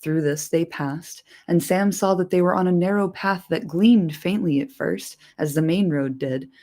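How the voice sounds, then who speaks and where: A woman reading a fantasy book aloud on a livestream, expressive, with casual and profane chatty asides. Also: fairly low pitch, normal speed.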